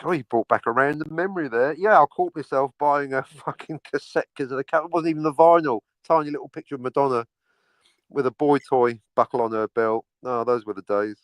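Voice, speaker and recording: A man's voice: medium pitch, a little fast, dry recording. Ranting, sarcastic man. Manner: ranting, sarcastic, swears freely. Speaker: podcast co-host. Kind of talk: casual crude banter.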